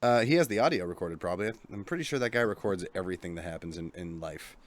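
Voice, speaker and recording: A man's voice: deep voice, lively intonation, quick pace. A man hosting a gaming podcast, chatting casually in a jokey, rambling, self-deprecating way. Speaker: podcast host. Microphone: studio microphone.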